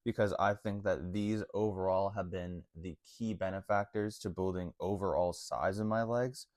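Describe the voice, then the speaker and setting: A man's voice: sits low, steady tone, moderate pace, a little mellow, no echo, studio quality. A man vlogging about fitness in a casual, slangy way, full of "like" and "honestly.". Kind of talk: casual talk to camera.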